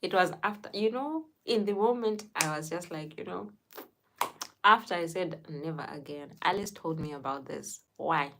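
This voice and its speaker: A woman's voice: on the low side, animated, normal speed, gravelly, noisy background. A woman from Zimbabwe, telling a story to a live chat, laughing often and answering viewers by name. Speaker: live streamer reading chat.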